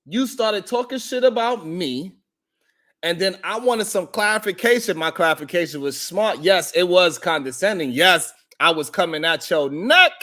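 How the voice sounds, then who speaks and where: A man's voice: high voice, a bit bright. A man hosting a live stream, ranting in heated, profane reaction commentary.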